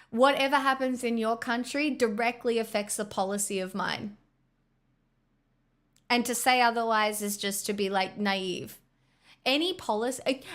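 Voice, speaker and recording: An Australian woman with a fairly high voice talks off the cuff on a live stream. She is blunt and rambling, restarts her sentences often and swears freely as she answers viewers. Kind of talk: casual chat reading viewer messages.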